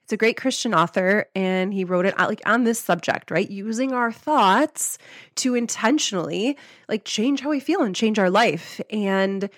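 A woman's voice: mid-range voice, normal speed, no echo. Chatty upbeat woman, close and dry. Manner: upbeat, chatty, many "like"s and laughs. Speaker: podcast host and life coach. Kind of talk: casual motivational talk.

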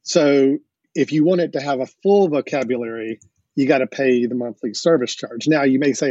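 A podcast host with a dark, slightly rough mid-range voice talks a little fast. His casual chat is enthusiastic explanation punctuated by the odd chuckle, captured on dull, dry lo-fi audio.

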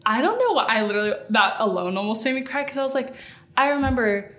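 A woman's voice: fairly high pitch, animated, fast, fairly bright tone. A young woman on a podcast, telling stories in a casual chat, rambling with lots of fillers and frequent laughs. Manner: giggly, rambling storyteller with many fillers. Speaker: guest, friend.

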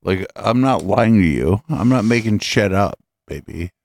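A man's voice: fairly low pitch, expressive, unhurried, gravelly, no room sound, clean studio sound. A man hosting a podcast in casual chat, blunt and swearing casually. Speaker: podcast host.

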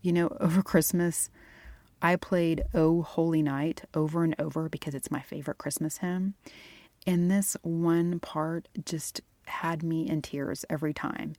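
Middle-aged lady doing her faith and fitness podcast, lowish voice, dry close sound, super earnest and encouraging. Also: steady tone, a little slow, darkish tone, no room sound. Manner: earnest, encouraging, faith-filled, laughs easily. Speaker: Christian fitness podcast host and nutritionist. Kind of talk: solo podcast monologue.

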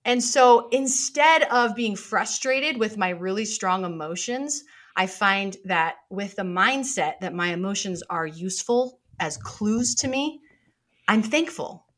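A woman's voice: mid-range voice, expressive, measured pace, fairly bright tone. A woman guest on a casual podcast, talking animatedly and acting out little dialogues in playful voices.

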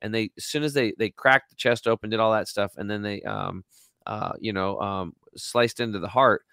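A man's voice: lowish voice, normal speed, dry recording, studio quality. A man in his forties, a guest in an interview, telling a story with lots of energy and acting out what people said. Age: 40s. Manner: energetic, acts out quotes.

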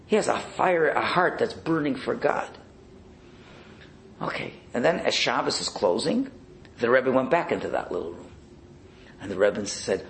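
A man teaching a Torah lesson as a sermon, telling stories in an animated way and acting out the voices in them. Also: mid-range voice, moderate pace, gravelly, pauses often, a little hiss or hum, rough recording. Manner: animated storyteller, acts out the voices in his tales. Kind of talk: storytelling sermon.

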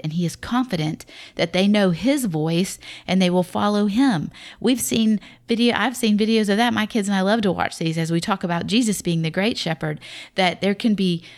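A woman's voice: mid-range voice, a little mellow. A woman with a Southern accent, a Christian mother talking through parenting in a casual, folksy, reflective devotional style.

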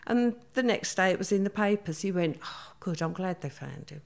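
Older woman, low gravelly voice, chatty, does the voices of people in her stories. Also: animated, normal speed. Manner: chatty, acts out quoted voices. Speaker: guest. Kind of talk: storytelling interview.

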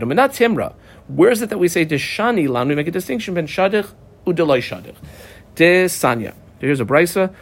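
A man teaching Talmud in a casual lecture, reading through the text in a folksy way and mixing in Hebrew and Aramaic terms. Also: fairly high pitch.

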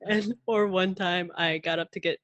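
A woman in her thirties, a podcast guest, talking in a chatty, animated way and laughing often. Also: on the low side, normal speed, no room sound, highs cut off. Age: 30s. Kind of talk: casual interview chat.

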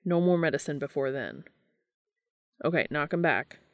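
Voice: mid-range voice, expressive, moderate pace, no echo, studio quality, natural voice. A reader voicing a cocky adult man who talks casually and teases, in a fan fiction audiobook reading. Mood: teasing. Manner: casual and teasing. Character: cocky, joking adult male hunter.

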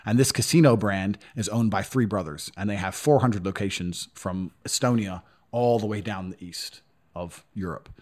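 A man's voice: lowish voice, moderate pace, darkish tone. A man telling stories as a podcast guest in a blunt, profane, casual way. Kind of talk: casual storytelling.

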